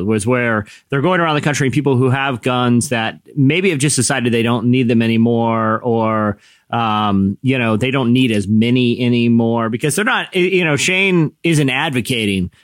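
A male host talking conversationally with a middle-pitched voice. He wanders through his points with fillers, and the sound is dry and close. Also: a bit bright, no echo. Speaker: podcast host. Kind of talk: casual chat introducing clips.

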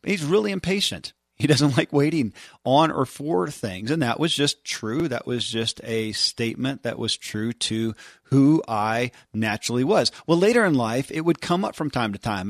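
A man's voice: medium pitch, no room sound, clean studio sound. A middle-aged man hosting a podcast, speaking in an earnest, reflective monologue and addressing listeners as folks. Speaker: podcast host.

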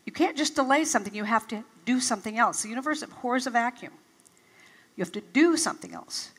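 Casting: older woman motivational speaker, bright higher voice, lively storyteller, big reverberant hall. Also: quick pace, husky. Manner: animated, acts out her own past reactions. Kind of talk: storytelling teaching talk to a live audience. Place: large event hall.

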